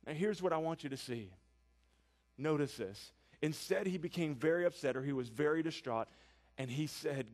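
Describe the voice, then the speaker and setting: A man's voice: fairly high pitch, lively intonation, normal speed, a little mellow. A man preaching an earnest, emphatic sermon with many repeated phrases.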